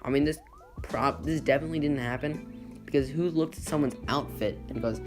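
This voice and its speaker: A man's voice: on the high side, brisk. A man giving casual comedic commentary, sarcastic and incredulous, laughing at his own jokes. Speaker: YouTuber reading and mocking Reddit posts. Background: guitar music.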